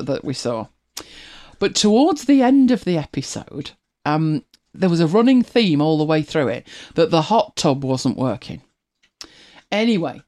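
Animated host, lively pitch. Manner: animated, laughs often, retells scenes with quoted lines. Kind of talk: casual storytelling chat.

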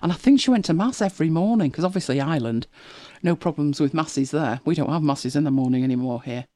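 A woman's voice: low-pitched, quick pace, warm tone, no room sound. A woman, chatting casually as a podcast co-host and telling stories with frequent laughs. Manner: chatty storyteller, laughs often. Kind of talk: casual chat.

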